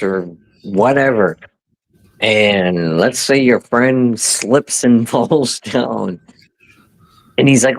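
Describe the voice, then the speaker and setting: A man telling a story in casual talk, halting and restarting often. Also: medium pitch, animated, dry recording. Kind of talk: casual chat.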